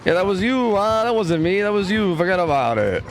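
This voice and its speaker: A man's voice: sits high, big pitch swings, brisk, soft background music, pitched above the performer's own voice. A man voicing a brash New York Italian wiseguy with a put-on New York Italian accent and tough-guy patter. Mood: blustery.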